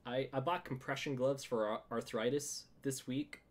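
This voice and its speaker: A man hosting a video podcast chat, animated and laughing often as he talks. His voice sits at a middle pitch, and he stumbles over words and says "like" often. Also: normal speed. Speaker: podcast host. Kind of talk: casual chat.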